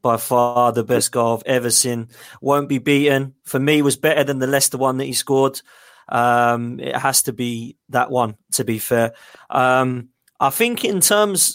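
Enthusiastic fan remembering, dry sound. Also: male voice, medium pitch, unhurried, dry recording. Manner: enthusiastic, fond reminiscing. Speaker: podcast guest. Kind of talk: casual football chat.

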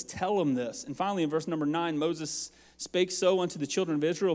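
A man's voice: a little high, darkish tone. A man preaching a sermon as pastor, with passionate rising and falling intensity. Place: church sanctuary. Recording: long hall reverb.

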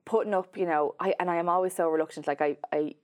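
A woman's voice: lowish voice, steady tone, quick pace. A woman, a journalist chatting as a guest, talking with lots of fillers and restarts. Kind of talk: casual interview chat.

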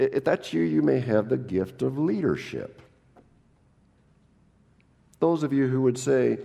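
Gravelly-voiced pastor preaching a sermon. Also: male voice, medium pitch, expressive, a little slow, pauses often, mellow, in a large hall. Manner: humorous, acts out quoted people in raised voices. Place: church.

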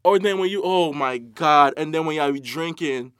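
Young AAVE-man, profane animated rant, slightly high voice, close dry sound. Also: normal speed, hardly any pauses, smooth, no room sound. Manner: animated, profane, mocking impressions, frequent laughs. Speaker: podcast co-host. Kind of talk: casual rant.

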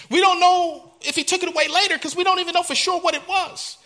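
Male pastor, sermon, high voice, very bright tone, dramatic hushes and swells. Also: steady tone, brisk, hardly any pauses. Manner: preachy, dramatic, swings from hushed to loud.

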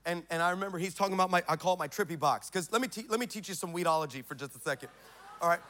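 A man preaching in church to a congregation, telling stories with jokes and sudden shouts. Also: high-pitched. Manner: animated storytelling, joking and shouting to the crowd. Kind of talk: sermon. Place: church service in front of a congregation.

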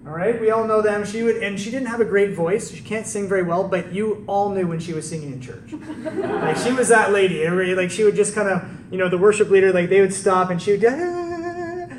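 Talking fast, a lively male preacher whose voice runs fairly high delivers a conversational sermon, telling the story to a live audience and repeatedly posing rhetorical questions. A big room gives strong echo, he's somewhat far from the mic, and faint ambient hum lies beneath.

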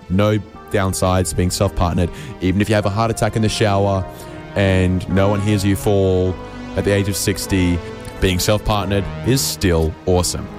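An Australian man hosting a comedy radio show, spinning a rambling, absurd monologue with stammered restarts. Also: lowish voice.

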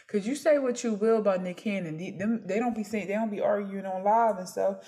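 A woman's voice: mid-range voice, brisk, mellow. A young adult woman co-hosting a casual gossip podcast, talking in a blunt, opinionated and slangy way. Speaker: podcast co-host.

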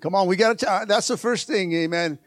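A man's voice: high-pitched, fast, no room sound. An older man preaching a sermon to his church, calling out to the congregation and repeating phrases. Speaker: pastor.

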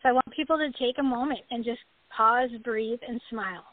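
A woman's voice: on the high side, brisk, no echo. A woman guest in a casual interview, upbeat and laughing often, heard over call audio. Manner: upbeat, laughs often, acts out animals' thoughts. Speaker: guest, horse wellness practitioner. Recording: tinny phone-like call audio, dry.

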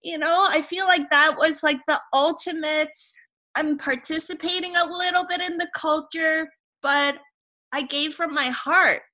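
A woman's voice: high voice, fairly even intonation, unhurried, bright, forceful tone. A woman from Hong Kong hosting a podcast, telling a reflective personal story in casual conversation. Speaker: podcast host.

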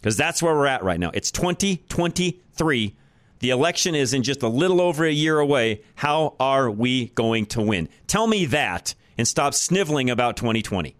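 A man's voice: medium pitch, very animated, normal speed, no echo. Blunt, emphatic male radio host. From United States. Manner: blunt, emphatic, repeats points for effect. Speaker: radio talk show host. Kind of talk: opinionated talk radio monologue. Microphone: studio microphone.

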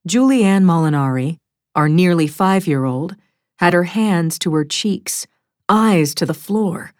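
A woman reading a first-person thriller audiobook in a measured, wry storytelling manner, close to a studio mic. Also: lowish voice, animated, darkish tone, no echo. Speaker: audiobook narrator.

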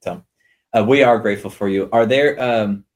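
A man hosting a church podcast, chatting casually and joking as he asks his guest quick questions. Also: on the low side. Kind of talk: casual chat.

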